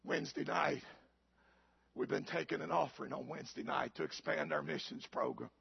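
A man, a pastor, preaching a sermon with a raspy voice, building to shouted climaxes and calling out to the congregation. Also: fairly high pitch, brisk, muffled recording.

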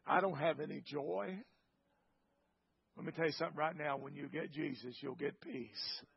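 A fervent male preacher whose voice is gravelly and husky, set a little high for a man. He builds toward near-shouting at the high points of his sermon and prayer. The recording is muffled and slightly lo-fi. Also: normal speed.

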